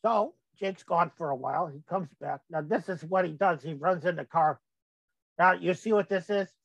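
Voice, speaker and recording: A man's voice: high voice, normal speed, fairly bright tone, no echo, muffled recording. An older man hosting his own show, rambling in a folksy way as he comments on photos. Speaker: podcast host.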